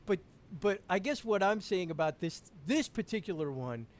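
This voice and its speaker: A man chatting as a podcast guest over a call, animated, laughing often and restarting his sentences. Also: high voice, normal speed. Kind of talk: casual podcast chat.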